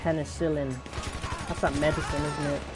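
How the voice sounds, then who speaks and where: A man's voice: fairly high pitch, flat delivery, normal speed. A young British man chatting casually while playing, rambling and answering his chat. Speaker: gaming YouTuber. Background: game music and gunfire.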